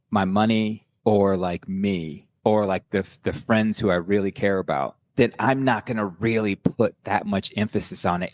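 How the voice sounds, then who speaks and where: A man's voice: lowish voice, dry recording. A middle-aged man, a personal trainer guest, talking candidly in a casual podcast chat, rambling with restarts.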